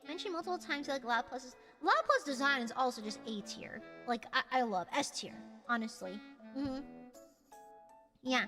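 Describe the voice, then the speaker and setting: A woman hosting a casual livestream and reading chat, with dramatic, shouty mock outrage and playful insults. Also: high voice, animated, moderate pace. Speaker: streamer host reading chat. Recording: long reverb with music behind.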